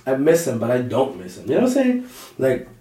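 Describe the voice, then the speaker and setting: A man's voice: mid-range voice, fast talker. Podcast guy rambling, repeats himself a lot, sounds a bit far off in an echoey room. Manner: animated, repeats himself, slang-heavy. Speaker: podcast co-host. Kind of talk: casual chat. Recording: roomy echo, mic at a distance.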